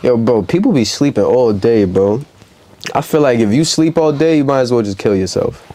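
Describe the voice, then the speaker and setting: A man's voice: mid-range voice, normal speed, slight background noise. A young man with a New York accent, a rapper talking casually in an interview and acting out quotes in a raised voice. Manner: animated storytelling, acts out quotes loudly. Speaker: rapper guest.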